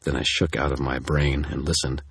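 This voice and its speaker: A man narrating a first-person audiobook in a steady, dry storytelling manner. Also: very deep voice, moderate pace, husky, no room sound.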